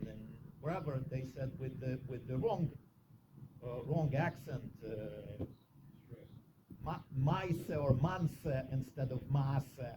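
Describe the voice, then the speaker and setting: A man with a Russian accent telling stories in a casual talk, halting often and searching for his words. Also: fairly high pitch. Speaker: speaker telling personal stories. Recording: muffled recording with faint hiss.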